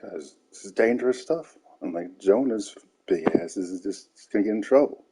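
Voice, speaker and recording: A man's voice: on the low side, lively intonation, moderate pace, warm tone, slightly rough, poor audio. A man giving casual, mocking commentary over game footage, laughing often.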